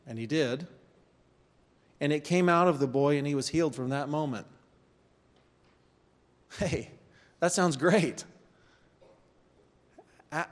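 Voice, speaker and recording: A man teaching an informal church course, talking conversationally with pauses and reading scripture aloud. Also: fairly high pitch. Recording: long hall reverb.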